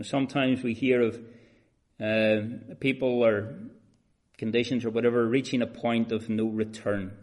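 In his sermon, a medium-pitched man shifts from gentle, deliberate talk to loud, prolonged emphasis, speaking to listeners as beloved and friends.

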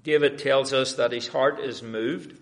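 A man preaching a verse-by-verse sermon. He is earnest and often says "uh" or restarts a phrase. He lifts his voice for scripture and drops it low and soft when he reflects. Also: fairly even intonation, measured pace. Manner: earnest, rising to emphatic on scripture, dropping soft and hushed in reflection; frequent filler "uh" and restarts. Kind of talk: expository sermon.

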